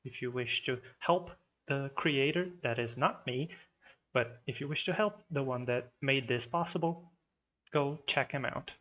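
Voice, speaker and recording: Slow-talking man running the game. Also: medium pitch, a bit bright, dull audio. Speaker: game master. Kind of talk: running an online tabletop game.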